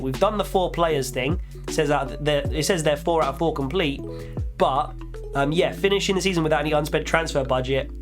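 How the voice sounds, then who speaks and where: Young gaming YouTuber, excitable play-by-play, voice a bit strained, higher pitch, faint music underneath. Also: male voice. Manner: chatty, jokey, excitable play-by-play. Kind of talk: casual gameplay commentary.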